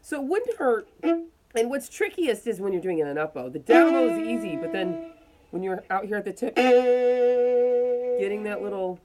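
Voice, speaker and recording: A woman teaching a violin lesson, calmly explaining bowing technique step by step while demonstrating. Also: on the high side, normal speed, long pauses, soft background music. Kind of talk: casual instructional explanation.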